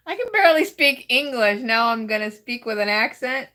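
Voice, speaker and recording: A woman's voice: fairly high pitch, bright, forceful tone. A woman with a Southern US accent reading roast jokes aloud as host, giggling between them and stumbling over her lines.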